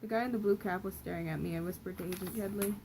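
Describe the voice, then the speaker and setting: A woman's voice: mid-range voice, fairly even intonation, very fast, background noise. A young woman casually reading her own old story aloud, often correcting herself and commenting on the writing.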